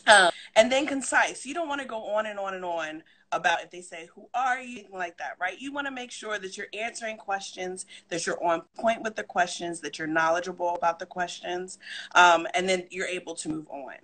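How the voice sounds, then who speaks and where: Upbeat woman with a bright voice. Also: lowish voice, fairly quick. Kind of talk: casual advice chat.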